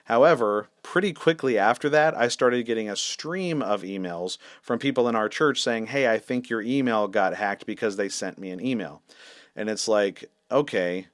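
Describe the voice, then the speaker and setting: A man's voice: on the low side, normal speed, dry recording, studio quality. A man, a senior pastor, telling a story in a casual, wry, self-deprecating way with lots of fillers.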